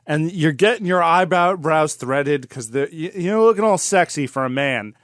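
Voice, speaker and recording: A man co-hosting a comedy podcast who spins absurd hypotheticals for his friends. His voice sits somewhat high for a man. It is recorded dry and close. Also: lively intonation, normal speed, a bit bright, no echo. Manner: spins absurd scenarios, puts on silly voices. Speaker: podcast co-host. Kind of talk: crude comedy banter.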